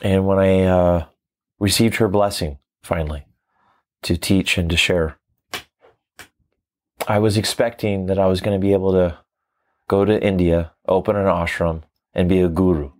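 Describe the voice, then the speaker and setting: A man who teaches tantra, telling his story in a reflective, animated interview. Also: deep voice, normal speed, pauses often. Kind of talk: conversational interview.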